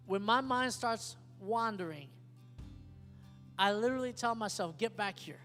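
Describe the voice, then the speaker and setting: A man preaching a sermon as pastor, emphatic and often asking the congregation if they hear him. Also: high voice. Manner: emphatic, repeats questions to the congregation. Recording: long hall reverb with soft guitar behind.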